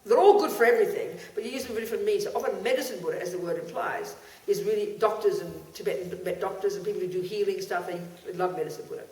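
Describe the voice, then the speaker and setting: A woman's voice: mid-range voice, fast talker, few pauses, mellow. A woman teaching Buddhist practice, chanting mantras and explaining them in a blunt, chatty way. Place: teaching hall with an audience. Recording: roomy, distant mic, crowd in the room.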